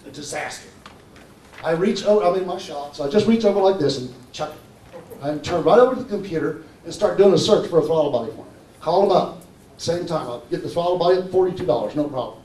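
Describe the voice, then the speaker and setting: Man pitching to a hall audience. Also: animated, brisk, dark tone. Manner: persuasive, keeps checking in with the audience. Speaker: conference presenter. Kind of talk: live conference talk. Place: conference hall. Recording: roomy hall from far off.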